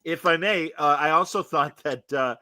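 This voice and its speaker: A man with a bright, forceful, slightly high voice hosting a casual podcast. He jokes and cuts in fast. The close mic is dry. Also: no room sound. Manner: jokey, quick to interject.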